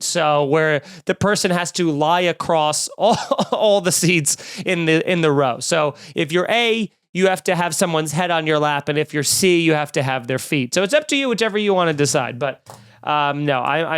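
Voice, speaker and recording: Snarky man ranting, smooth clear voice. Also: fairly high pitch, normal speed. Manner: snarky, animated, mocking voices in quotes. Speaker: comedian podcast host. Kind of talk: comedic rant.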